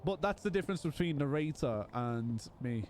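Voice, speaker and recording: A man's voice: a little high, animated, moderate pace, a little mellow, a little hiss or hum. A man chatting casually while streaming a game, rambling with frequent restarts. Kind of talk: casual live-stream chat while playing.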